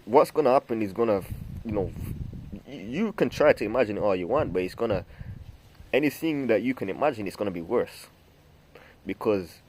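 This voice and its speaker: A man's voice: fairly low pitch, darkish tone. A man preaching from scripture in a loose, rambling way, full of fillers, restarts and the word "man". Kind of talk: informal scripture teaching.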